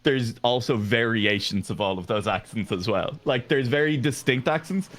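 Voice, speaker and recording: A bright-voiced Irish man with a Dublin accent talks through a game in easy, chatty co-commentary. He jokes and laughs as he goes, with a faint hiss behind him. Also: medium pitch, moderate pace. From Ireland. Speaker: esports caster. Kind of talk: casual co-commentary.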